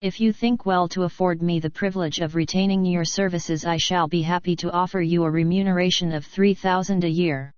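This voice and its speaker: A woman voicing a brisk, decisive wealthy American man in an audiobook. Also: fairly low pitch, fairly even intonation, a little mellow, clean tone, no echo, dull audio, natural voice. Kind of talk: audiobook narration.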